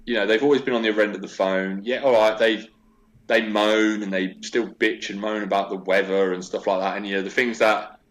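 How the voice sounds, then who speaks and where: A man's voice: on the low side, a little fast. A man in his forties, a guest in a casual interview, chatting and telling stories with lots of fillers. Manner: chatty, animated storytelling with many fillers.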